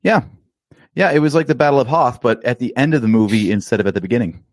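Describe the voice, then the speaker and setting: A man's voice: medium pitch, quick pace, dry recording, studio quality. A man co-hosting a casual podcast chat, chiming in with wry, teasing remarks. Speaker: podcast co-host.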